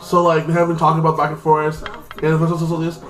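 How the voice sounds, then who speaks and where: A man's voice: on the high side, monotone, fast talker, fairly bright tone. A man giving a casual, rambling recap of a TV episode, filling his talk with constant "like". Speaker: TV episode reviewer. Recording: echoey room with faint music.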